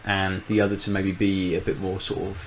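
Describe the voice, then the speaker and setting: A man's voice: sits low, level tone, a little fast, a little hiss or hum, poor audio. A man, co-host of a podcast, in casual chat, rambling and thinking aloud with many restarts.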